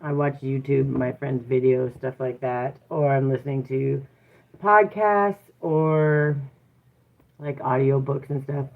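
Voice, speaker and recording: Low-voiced woman chatting live, tinny sound. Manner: chatty, laughs often, talks to viewers and her daughter. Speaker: live-stream host. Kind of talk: casual live chat. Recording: tinny phone-like audio.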